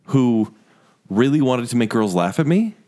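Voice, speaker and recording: A man's voice: medium pitch, expressive, moderate pace, mellow. A man co-hosting a casual chat, telling wry, mock-exasperated stories. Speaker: podcast co-host. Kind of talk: casual chat about movie etiquette.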